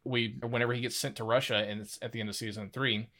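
A man's voice: mid-range voice, flat delivery, fast, fairly bright tone. A man co-hosting a casual podcast discussion, easygoing and rambling, often laughing. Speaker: podcast co-host.

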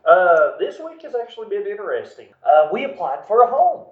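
A man's voice: high voice, big pitch swings, fairly quick. A man with a Southern US accent, co-hosting a casual podcast chat and teasing his friend, tripping over and repeating words as he starts. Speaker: co-host. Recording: echoey tinny phone-like line.

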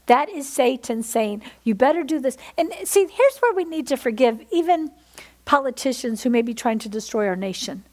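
Woman pastor, high-pitched, fervent sermon delivery, calls for amens. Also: big pitch swings, normal speed. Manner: fervent, repeatedly asks the congregation "Amen?".

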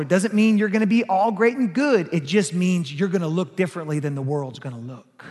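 A man preaching a sermon as pastor, emphatic, rising and falling in force. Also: high voice. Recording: long hall reverb.

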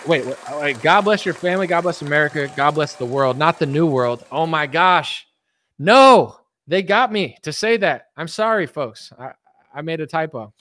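A man doing a halting, stumbling impression of a folksy, confused elderly male politician in a comedy video. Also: fairly high pitch, fairly bright tone, no echo, voice pushed up, natural voice. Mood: flustered. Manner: halting, stumbling, repeated words.

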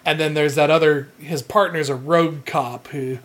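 A co-host in a casual comedy brainstorm pitches an idea in halting bursts. They restart often and laugh along at their own pitch. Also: steady tone.

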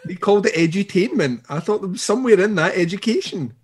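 A man with a husky, slightly raised voice who chats casually on a movie podcast. He jokes and laughs a lot, and his pitch swings widely as he goes. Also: animated, fast talker. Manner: joking, laughs often, teasing asides. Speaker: podcast co-host. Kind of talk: casual movie recap chat.

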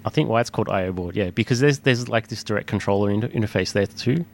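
Casual male co-host, low voice, rambling and laughing; slight background hiss. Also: fast talker, vocal fry, a little mellow. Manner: rambling, restarts, laughs often. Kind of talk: casual chat.

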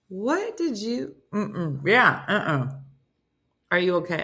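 Sassy, animated New woman host. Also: medium pitch, unhurried. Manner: sassy, animated, laughs often. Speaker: radio show host. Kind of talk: casual morning radio chat, reading and reacting.

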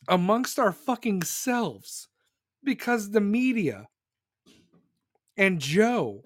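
A man's voice: a little high, dry recording, studio quality. A man hosting a podcast, ranting in a heated, profane and emphatic way and often repeating himself. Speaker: podcast host. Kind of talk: heated political rant.

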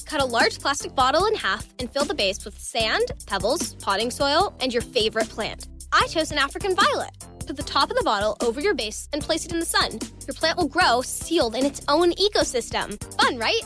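A woman's voice: sits high, big pitch swings, fairly quick. A woman announcer reading an upbeat public service spot in a peppy, cheerful way. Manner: bright, peppy. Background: light music.

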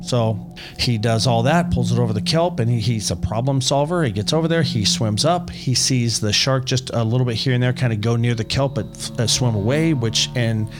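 A man casually retelling a story to friends, animated and sprinkled with profanity. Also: mid-range voice, moderate pace, music in the background. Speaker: podcast co-host.

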